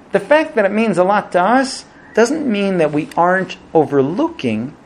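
High-voiced man teaching scripture. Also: a little hiss or hum. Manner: animated storytelling with acted-out quotes. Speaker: Torah teacher. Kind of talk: Bible lesson.

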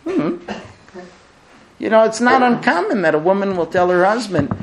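Animated middle-aged man lecturing. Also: high voice, moderate pace, slight background noise. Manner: animated storyteller, acts out quoted dialogue. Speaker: rabbi teaching a recurring class. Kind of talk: lively classroom lecture with humor.

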